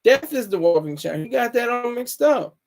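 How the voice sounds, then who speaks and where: Rambling high-voiced man livestreaming. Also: lively intonation, brisk, gravelly. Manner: rambling, self-correcting, opinionated. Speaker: streamer. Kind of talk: casual solo livestream monologue.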